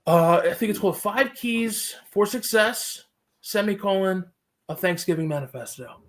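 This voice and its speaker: A man's voice: sits high, normal speed. A man co-hosting a podcast in casual banter, ranting emphatically and swearing freely. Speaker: podcast co-host.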